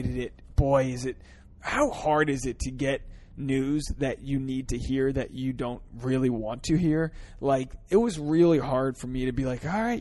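Host type, solo rant from his car: earnest, profane, slightly raised pitch, dry close sound. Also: dry recording. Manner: earnest, swearing, shifts between fired-up and subdued. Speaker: podcast host.

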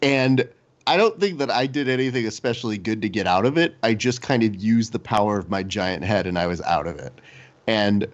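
Joking podcast co-host, lo-fi sound. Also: male voice, fairly low pitch, a little fast. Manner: joking, rambling storyteller. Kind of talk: casual chat.

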